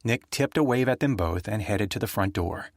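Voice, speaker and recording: A man narrating a thriller audiobook in a steady, even storytelling manner. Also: on the low side, normal speed, no room sound, clean studio sound.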